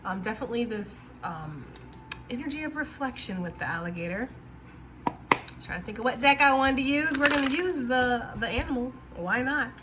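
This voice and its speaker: A woman's voice: on the high side, lively intonation, moderate pace, noisy background. A woman giving a casual, rambling tarot reading, talking straight to her viewers. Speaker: tarot reader.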